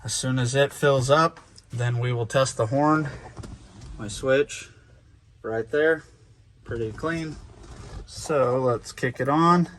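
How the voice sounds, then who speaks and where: A man's voice: medium pitch, slow pace, pauses often, noisy background. Easygoing man explaining a truck install. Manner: casual, step-by-step explaining. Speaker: car channel host. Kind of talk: hands-on DIY install walkthrough. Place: vehicle workshop.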